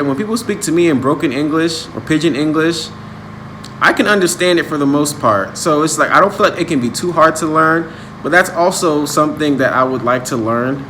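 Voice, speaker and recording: A man's voice: mid-range voice, fairly bright tone, a little hiss or hum. A young man from Nigeria hosting a language-learning channel, talking earnestly and persuasively to camera in a casual vlog monologue. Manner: earnest, persuasive, rising in intensity when making a point.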